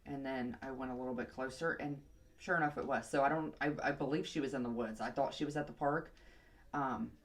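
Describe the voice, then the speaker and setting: A woman's voice: extremely low pitch, fairly even intonation, fairly quick. A young woman vlogger telling a long casual story while doing her hair, rambling and chatty, sometimes muttering to herself.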